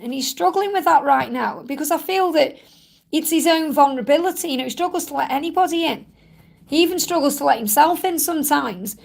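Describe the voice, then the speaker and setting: High-voiced woman giving soothing psychic readings. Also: a little fast, gravelly. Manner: soothing, reassuring, repeats herself. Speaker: psychic reader. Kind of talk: live-stream Q&A card reading.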